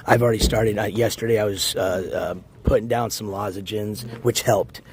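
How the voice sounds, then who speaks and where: A man livestreaming from a beach in the morning, hoarse and losing his voice, rambling as he walks and shouts out viewers in chat. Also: fairly low pitch, fairly even intonation, normal speed, slight background noise. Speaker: IRL livestreamer. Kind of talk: casual live-stream chat.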